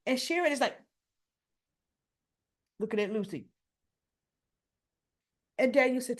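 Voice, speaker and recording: A woman hosts a casual recap of soap opera episodes in a fairly high voice. She speaks at an unhurried pace, drawing out her words. She retells each scene with animated emphasis. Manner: animated retelling, acting out quoted lines with rising emphasis.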